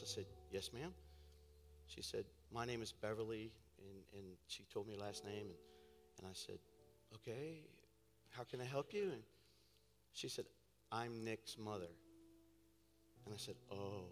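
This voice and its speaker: A man preaching a sermon as a pastor, telling a story and building to shouting. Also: fairly low pitch. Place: church sanctuary.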